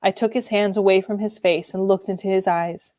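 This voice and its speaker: A woman's voice: medium pitch, steady tone, fairly quick, darkish tone, dry recording. Woman reading a classic novel aloud. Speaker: reader.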